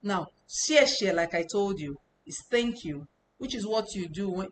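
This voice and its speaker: Woman, language teacher, explains slowly, repeats points, mid-pitched voice. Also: lively intonation, a little hiss or hum, rough recording. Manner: explanatory, repeats points, talks them through step by step. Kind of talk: informal online lesson.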